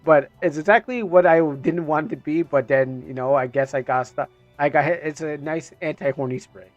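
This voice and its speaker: A man's voice: fairly high pitch, normal speed, dull audio, soft background music. A man streaming a game, chatting casually and rambling with many fillers and restarts.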